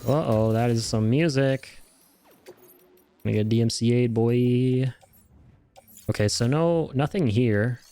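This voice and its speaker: A man's voice: medium pitch, takes it slowly, long pauses, dark tone, smooth, faint music behind. A man streaming a video game, chatting casually and playfully, joking and swearing as he plays. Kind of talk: casual gameplay commentary.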